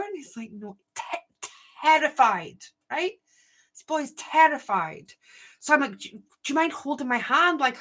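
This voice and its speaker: A middle-aged woman hosts a casual livestream and tells a long story. Her voice is bright and ringing. She talks in an animated way and acts out what each person said. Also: medium pitch. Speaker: spiritual channel host.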